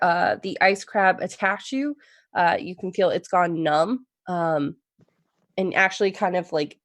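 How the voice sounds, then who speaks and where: A woman game master narrating a tabletop game in a casual, relaxed way, with plenty of fillers. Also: on the low side, no echo, clean studio sound.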